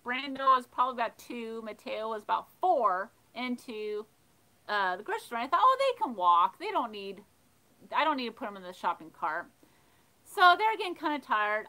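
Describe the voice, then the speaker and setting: Bright-voiced woman telling a laughing story. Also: fairly high pitch, poor audio. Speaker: livestream host of a thrifting channel. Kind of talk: casual storytelling while reading live chat.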